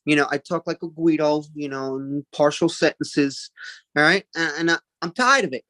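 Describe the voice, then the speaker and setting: A man's voice: a little high, moderate pace, bright, forceful tone, dry recording. Rambling, chatty stand-up comic man. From Italian-American. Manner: rambling, chatty, full of fillers and asides. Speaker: stand-up comedian. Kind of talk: stand-up routine.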